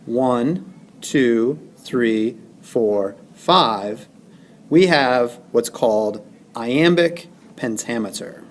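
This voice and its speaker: A man's voice: mid-range voice, lively intonation, very slow, a little hiss or hum. A male teacher lecturing over slides, stressing syllables and counting them aloud.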